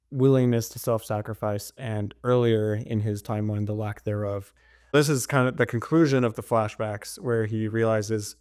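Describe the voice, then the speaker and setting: A man's voice: on the low side, darkish tone, clean tone, no room sound, clean studio sound. A man co-hosting a casual podcast about a novel, talking in a chatty, meandering way with many fillers and restarts. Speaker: podcast co-host. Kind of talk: casual book discussion.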